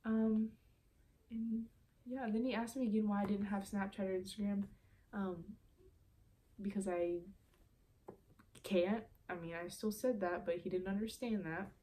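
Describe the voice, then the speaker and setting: A woman's voice: medium pitch, fairly even intonation, measured pace, pauses often, warm tone. A young woman telling a story in a casual vlog, chatty and exasperated, full of "like.". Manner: chatty, exasperated, heavy use of "like". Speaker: vlogger.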